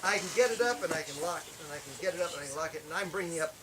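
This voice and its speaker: A man telling a personal testimony as a camp worship speaker, animated, acting out the shouted lines of his story. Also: fairly high pitch, racing, a crowd in the background, rough recording. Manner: animated, acts out shouted quotes.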